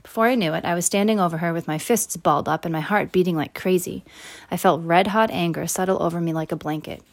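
A woman with a lower, unhurried voice reads a first-person children's story aloud. She narrates steadily and lifts her voice brightly whenever a character speaks. Her storytelling is plain and clear. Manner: voices characters with raised pitch and louder quotes. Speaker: audiobook narrator.

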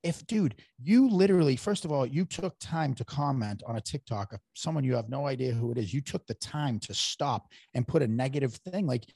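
A man talking as a podcast guest in a brash, profane, animated way. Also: medium pitch, fairly quick, creaky, few pauses, husky, dry recording, studio quality. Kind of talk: casual podcast chat.

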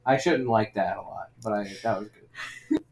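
A co-host on a podcast, chatting casually with quick joking asides. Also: mid-range voice, darkish tone, slight background noise. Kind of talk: casual chat.

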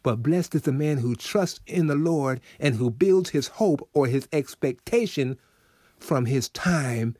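A man hosting a short devotional program, preaching with lively swings between soft and emphatic delivery. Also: mid-range voice, no echo, clean studio sound. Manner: animated, swings from soft to emphatic, acts out quoted people.

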